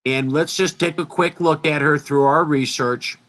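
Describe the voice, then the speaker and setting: A man's voice: fairly high pitch, fairly even intonation, normal speed, fairly bright tone. A man presenting an informal lecture, talking in an emphatic, rambling way and interrupting himself often.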